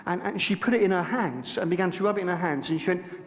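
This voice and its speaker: A man's voice: high-pitched, quick pace, few pauses. A middle-aged man, a lead minister, preaching a sermon and telling stories with humour, acting out the dialogue in them. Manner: humorous storytelling, acting out dialogue. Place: church sanctuary. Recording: long church reverb.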